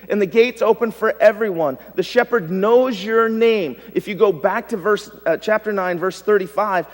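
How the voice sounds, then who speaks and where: A male pastor preaching a sermon, swinging from loud emphasis to hushed tones. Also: high voice, normal speed. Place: church sanctuary. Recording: long reverb of a church hall.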